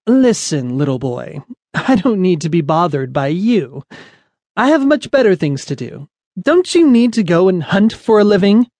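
A man's voice: sits high, big pitch swings, moderate pace, darkish tone, dry recording, voice pushed up, heavily acted. A snooty bossy barn cat, as a man puts her on. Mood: haughty. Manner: snooty, condescending. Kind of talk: children's audiobook acting.

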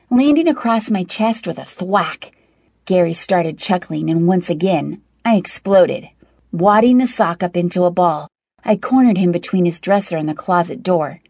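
A woman's voice: lowish voice, vocal fry, darkish tone, slightly rough, no room sound. A woman reading a first-person novel aloud as an audiobook narrator, in a wry, conversational storytelling manner.

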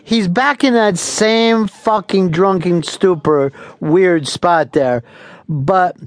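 A male radio host talks in brash, profane banter, laughing easily. His voice sits high for a man, and the sound is dry and close with no room to it. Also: slow, no room sound.

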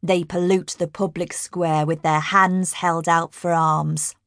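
A woman's voice: on the low side, little pitch movement, takes it slowly, fairly bright tone, dry recording, studio quality. A woman voicing a guttural, defiant slave master. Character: angry bearded male slave master, defiant.

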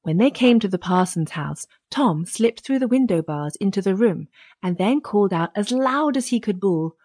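A woman narrating a children's fairy tale audiobook in a steady storytelling manner. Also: mid-range voice, normal speed.

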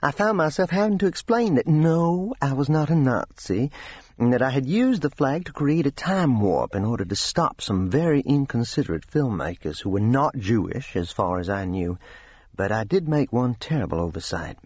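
Man doing a calm, genteel gentleman raconteur. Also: mid-range voice, moderate pace, breathy edge, dry recording, highs cut off, voice pushed up. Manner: calm, controlled, dryly amused. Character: calm, genteel older Southern gentleman storyteller.

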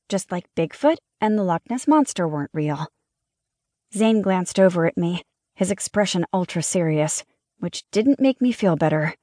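A woman narrating a first-person mystery audiobook in a lively, wry storytelling manner. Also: on the low side, dry recording, studio quality.

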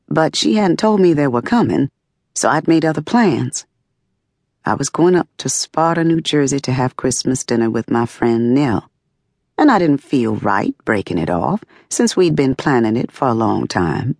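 A woman narrates a memoir in the first person, measured and expressive. Her voice carries a gravelly, creaky texture. The studio sound is dry and close. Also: very deep voice, no echo. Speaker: audiobook narrator. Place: dry recording booth. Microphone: close studio mic.

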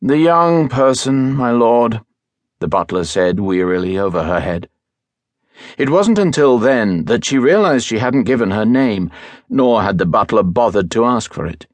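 Guy narrating an audiobook, lowish voice, calm even pace, dry close studio sound. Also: no echo. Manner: measured, even storytelling delivery. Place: recording studio. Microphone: close studio microphone.

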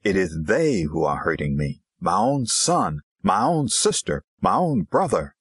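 A man's voice: lowish voice, wildly swooping pitch, a little slow, breathy edge, no echo, studio quality, full character voice. A man voicing a troubled older Zulu village pastor in an audiobook, grave and at times harsh. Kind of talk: audiobook character reading.

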